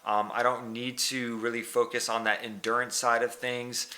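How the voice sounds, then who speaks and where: Male vlogger, bright tone, casual rambling training recap with fillers and restarts. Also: medium pitch, little pitch movement, moderate pace. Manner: rambling, self-correcting, frequent fillers.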